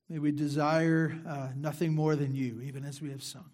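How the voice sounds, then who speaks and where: Middle-aged pastor with a higher voice. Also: male voice, fairly even intonation, normal speed. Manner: conversational, repeats phrases for emphasis, drops to quiet asides. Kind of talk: sermon.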